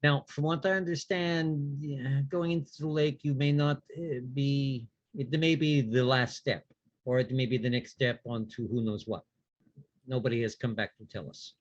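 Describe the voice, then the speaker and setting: A man voicing a calm vampire character who patiently questions a ghost with a dry sense of humor. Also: mid-range voice, moderate pace, dry recording, lo-fi sound, natural voice. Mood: probing. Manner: patient, probing, dry wit.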